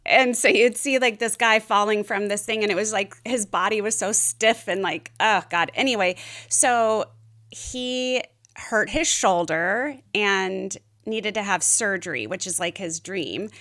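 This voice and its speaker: A woman's voice: medium pitch, measured pace, a bit bright. Middle-aged woman, podcast guest, candid rambling storytelling, casual chat, lots of fillers.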